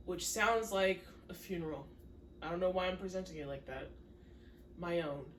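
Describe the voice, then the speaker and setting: A young woman co-hosting a podcast in casual chat, congested and wheezy, playful and quick to laugh. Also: lowish voice, fairly bright tone. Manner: playful, laughs often, dry jokes. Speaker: podcast co-host. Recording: roomy, mic at a distance, faint hiss.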